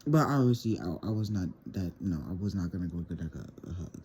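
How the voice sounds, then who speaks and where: A teenage boy chats through a casual storytime, talking straight to his viewers and tripping over repeated words as he rambles. His voice sits low with a soft, mellow tone. A faint hum runs underneath. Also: expressive, fast. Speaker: vlogger.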